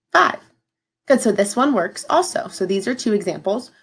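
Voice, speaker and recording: A woman's voice: mid-range voice, big pitch swings, moderate pace, husky. A woman teacher talking students through a lesson in an upbeat, encouraging way. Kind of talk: recorded classroom lesson.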